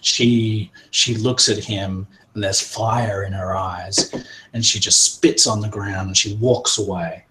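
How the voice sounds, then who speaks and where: Slow, low-voiced male game master. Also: fairly even intonation, bright, forceful tone, low-quality recording. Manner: hesitant, many pauses and fillers. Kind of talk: narrating a tabletop game.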